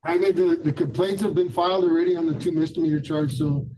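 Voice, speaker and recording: A man's voice: fairly high pitch, steady tone, quick pace, crowd noise, rough recording. A man presiding as judge at a courtroom hearing, giving firm, instructive warnings. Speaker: magistrate judge.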